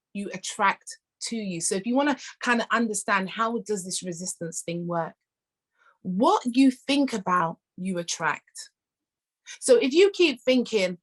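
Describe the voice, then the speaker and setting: Woman, slightly high voice, laughing motivational host on a video call. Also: a bit bright. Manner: playful, laughing, repetitive affirmations. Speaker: host of weekly online meeting. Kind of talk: motivational talk.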